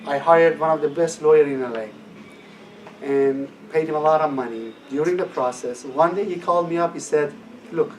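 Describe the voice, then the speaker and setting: Animated man telling a story. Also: fairly high pitch. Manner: animated, acts out quoted dialogue, laughs at his own story. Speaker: speaker telling a personal story to a class. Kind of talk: lively storytelling. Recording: distant mic, faint room noise.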